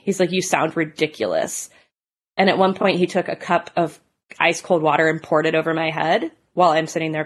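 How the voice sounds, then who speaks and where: Thirties woman, lowish voice, plain spoken testimony with casual fillers. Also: breathy edge. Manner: candid, conversational, with fillers like "like" and "you know". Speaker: guest telling her story. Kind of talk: personal testimony.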